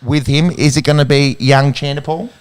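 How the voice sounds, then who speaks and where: A man's voice: on the high side, steady tone, moderate pace, clean tone. A man with an Australian accent, co-hosting a casual sports podcast in a jokey, rambling way. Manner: jokey, rambling, lots of fillers. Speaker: podcast co-host.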